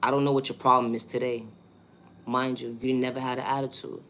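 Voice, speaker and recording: A man's voice: mid-range voice, level tone, brisk, a bit bright. A man with a New York accent, talking through a monologue vlog in an emphatic, repetitive way and asking rhetorical questions.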